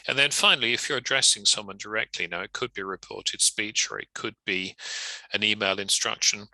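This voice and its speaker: A man teaches writing rules in a relaxed, chatty way. His voice sits low with a gravelly texture and a bright, forward tone. The sound is close and dry. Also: brisk, dry recording, poor audio. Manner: chatty, conversational asides. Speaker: legal writing trainer. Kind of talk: instructional lecture.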